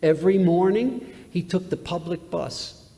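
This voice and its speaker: In a large synagogue sanctuary, a rabbi gives a sermon-style lecture in a high-pitched, creaky, mellow voice, unhurried in pace. He tells a story emphatically, with repetitions and sudden jumps in volume, heard through the hall reverb of a live webcast.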